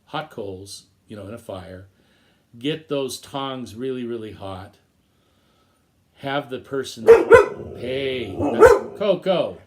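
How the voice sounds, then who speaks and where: A man teaching a recorded lesson, retelling an old story in a reflective, measured way. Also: medium pitch.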